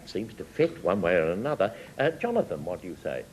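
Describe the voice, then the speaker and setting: An older man chairs a panel game show with wry, theatrical announcing. His low voice leaps wildly up and down in pitch. The old TV recording carries a clear hiss. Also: big pitch swings, brisk, rough recording. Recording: broadcast TV with audible hiss.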